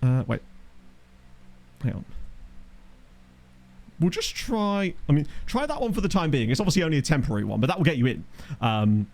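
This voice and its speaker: A man's voice: a little high, very animated, moderate pace, long pauses, a little mellow. A man chatting casually while streaming a game, reading out and answering chat messages and laughing often. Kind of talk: casual live-stream commentary. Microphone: USB desk microphone.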